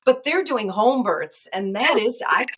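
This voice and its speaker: A woman's voice: fairly high pitch, lively intonation, unhurried, fairly bright tone, breathy edge. A woman in her sixties with an American accent, a midwife talking casually as an interview guest, rambling and laughing often. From United States. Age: 60s.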